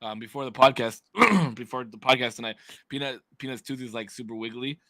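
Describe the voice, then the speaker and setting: A young man co-hosting a podcast in casual chat, excitable and crude, laughing often. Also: mid-range voice, a little fast, no echo. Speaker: podcast co-host.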